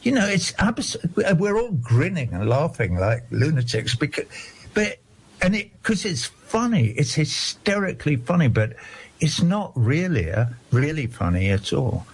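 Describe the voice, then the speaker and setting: A man's voice: on the high side, big pitch swings, unhurried, husky. An older man, talking in a rambling, digressive, indignant way during a casual discussion.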